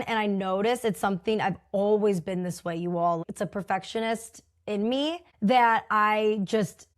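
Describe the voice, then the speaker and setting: A young adult woman talking casually on her own podcast, chatty and full of "like", acting out her own inner voice. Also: medium pitch. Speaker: podcast host. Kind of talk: casual solo podcast talk.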